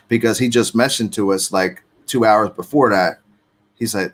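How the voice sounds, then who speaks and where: A man's voice: medium pitch, fairly quick, a bit bright. A man telling his own story in casual street slang, swearing freely and acting out what people said. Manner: street slang, profane, acts out quotes.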